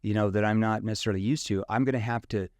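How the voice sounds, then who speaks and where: Guest sales trainer, male, lowish voice, dry close sound, conversational and explanatory with lots of "you know". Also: fairly even intonation, very fast, darkish tone, clear, resonant tone, no room sound. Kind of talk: casual interview explanation.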